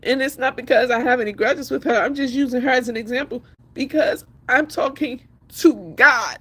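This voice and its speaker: A woman's voice: sits high, steady tone, normal speed, bright, forceful tone, husky. A woman speaking emphatically and defiantly on a live stream while crying. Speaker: livestreamer. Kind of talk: emotional live stream talk.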